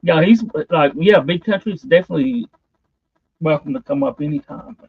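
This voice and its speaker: Man, stream host, high voice, hesitant and rambling, muffled lo-fi audio. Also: very animated, normal speed, vocal fry, husky, no echo. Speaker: livestream host. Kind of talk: casual chat.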